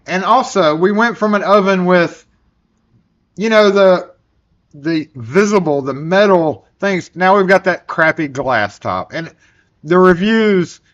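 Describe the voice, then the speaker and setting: A man's voice: high-pitched, lively intonation, moderate pace, fairly bright tone. Rambling, joking Southern US man. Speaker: livestream host. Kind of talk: casual live-stream chat. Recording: dull lo-fi sound.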